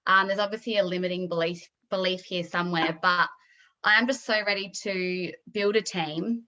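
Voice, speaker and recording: A woman in her thirties sharing emotionally on a group video call, halting with many ums and close to tears. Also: on the low side, fairly even intonation, sharp tone, highs cut off.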